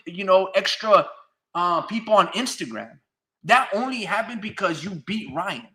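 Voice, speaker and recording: A man's voice: sits high, pushed and bright. A man giving blunt, profane, ranting solo commentary on a channel he hosts. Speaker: boxing commentator.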